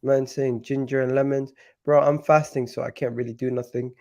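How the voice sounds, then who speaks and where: A man's voice: mid-range voice, level tone, normal speed, darkish tone. Sick, nasal-sounding man hosting football chat. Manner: hesitant, many restarts. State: sick, nasal and deeper than usual. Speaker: football channel host.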